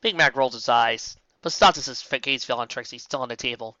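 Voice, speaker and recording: A woman narrating a fan story aloud in an expressive amateur audiobook reading, recorded on a dull lo-fi home setup. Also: extremely low pitch, fast talker, hardly any pauses, no echo. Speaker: fanfiction reader.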